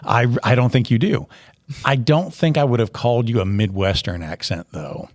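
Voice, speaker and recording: A man's voice: mid-range voice, normal speed, no room sound, clean studio sound. A man from Tennessee with a general American accent, hosting a casual, joking interview chat as a teacher. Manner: chatty, jokey, teasing. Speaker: teacher and podcast host.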